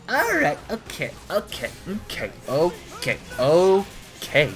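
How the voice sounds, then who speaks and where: A man's voice: medium pitch, moderate pace, soft background music. Profane man riffing on a comic. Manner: rambling, profane, deadpan asides. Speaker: comedy video host. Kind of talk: crude comedic commentary reading a comic.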